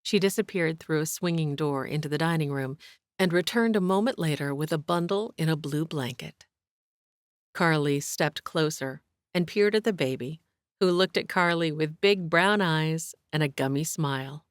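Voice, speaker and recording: A woman narrating an audiobook in a steady, even storytelling manner. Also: deep voice, a little slow, no room sound, studio quality. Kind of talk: scripted narration.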